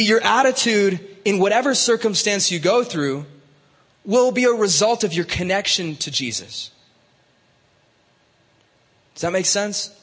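A youth pastor with a high, fairly bright, slightly rough voice delivers a sermon to young people. His manner is casual and conversational, full of fillers and restarts, and a long reverb tail trails his words.

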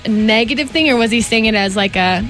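Chatty woman co-hosting, slightly high voice. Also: fairly quick, music in the background. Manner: chatty, exclaiming, giggly. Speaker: co-host. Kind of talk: casual chat.

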